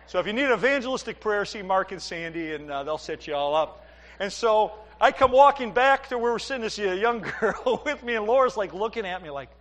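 A man's voice: high voice, lively intonation, a little fast, fairly bright tone, big-room sound. A middle-aged man preaching a sermon as pastor, telling folksy stories with asides to the congregation. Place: church sanctuary.

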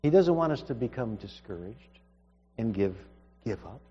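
A man's voice: medium pitch, sing-song, moderate pace, husky. A man preaching a sermon, earnest and emphatic, often restarting his sentences. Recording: dull reverberant hall recording.

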